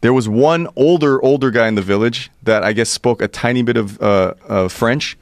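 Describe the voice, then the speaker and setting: A man in his forties from the United States, a podcast guest telling a wild story, animated, profane, full of laughs and restarts. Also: mid-range voice, normal speed, dry recording. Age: 40s. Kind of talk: storytelling anecdote in casual chat.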